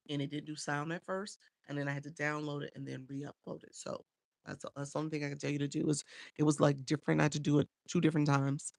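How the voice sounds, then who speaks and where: A woman's voice: low-pitched, creaky, no echo. A woman coaching live streamers, chatting casually and answering viewers by name, often repeating herself. She talks into a phone.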